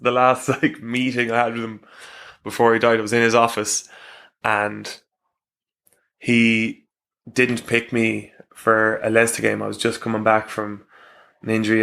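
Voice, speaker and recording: A man's voice: on the low side, gravelly, a bit bright. A man in his thirties, a rugby player being interviewed, telling frank stories with swearing and laughs. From Ireland. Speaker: professional rugby player, guest. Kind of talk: casual interview chat.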